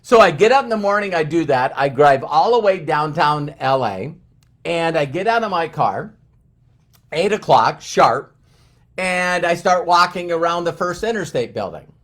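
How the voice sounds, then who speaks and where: A middle-aged motivational speaker tells a story in an animated way, stammering with lots of repeats and restarts. His voice is on the high side, and his pace is moderate.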